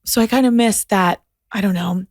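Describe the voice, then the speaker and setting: A woman's voice: medium pitch, normal speed, a little mellow, no room sound, clean studio sound. A young woman from Boston with a light Boston accent, a guest talking frankly in a casual interview, with lots of filler "like"s. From Boston, USA. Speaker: podcast guest.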